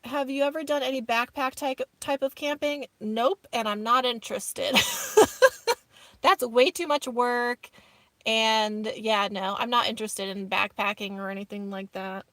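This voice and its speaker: Reading viewer comments aloud and calling everyone "y'all," a woman vlogger hosts a casual live stream from inside her minivan during an off-grid camping trip outdoors. Her voice sits on the high side with a fairly bright tone and no echo.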